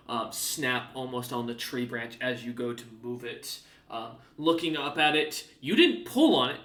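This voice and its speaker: Game master, male, halting narration; bright, roomy. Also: medium pitch. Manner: hesitant, many fillers.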